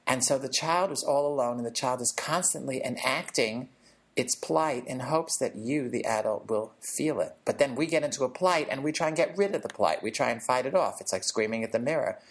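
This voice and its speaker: A woman speaking as a guest in a conversation, explaining ideas calmly and acting out gentle quoted lines. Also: rumbling low, brisk. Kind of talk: casual conversation.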